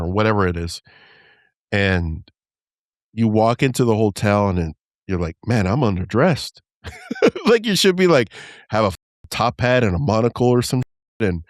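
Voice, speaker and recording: Young male podcast co-host, low voice with lots of swing, goofy storytelling banter, dry close mic. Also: no room sound. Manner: animated, joking, slips into Spanish. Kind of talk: casual chat.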